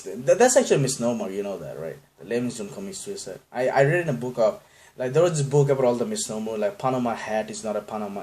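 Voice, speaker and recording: A man from Bangladesh with a warm, lowish voice hosts a casual solo podcast. He rambles through tangents, pokes fun at himself, and often laughs at his own jokes.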